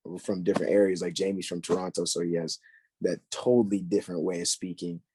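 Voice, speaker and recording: A man's voice: low voice, quick pace, background noise. A young man chatting casually on a podcast, slangy and full of fillers as he tells stories. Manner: slangy, filler-heavy, animated storytelling.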